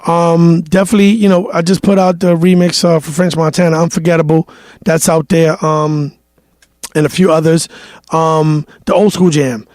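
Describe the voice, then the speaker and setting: A high-voiced man spins animated stories from his DJ days, swearing freely and acting out every quote. He sounds like he's in his thirties. The recording is dry and close to the mic. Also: moderate pace, no room sound. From New York. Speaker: DJ guest. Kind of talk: casual interview storytelling.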